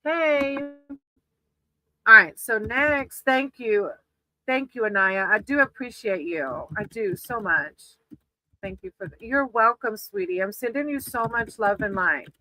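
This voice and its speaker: A woman's voice: on the high side, expressive, a little slow, sharp tone, a little hiss or hum, poor audio. A woman doing casual live tarot readings for viewers, affectionate and often laughing, calling people sweetie. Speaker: tarot reader on a livestream.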